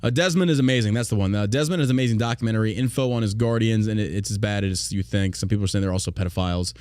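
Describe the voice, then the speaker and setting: A man's voice: lowish voice, racing, a little mellow, dry recording, clean studio sound. A man hosting a political podcast, reading news aloud and ranting in a heated, profane way. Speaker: podcast host.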